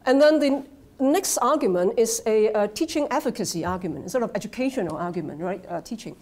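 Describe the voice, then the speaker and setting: A woman with a Hong Kong accent giving an academic lecture, halting with many fillers and restarts, often checking with the audience. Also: medium pitch, lively intonation, a little mellow. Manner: conversational, asks the audience "right?". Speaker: guest lecturer. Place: lecture hall.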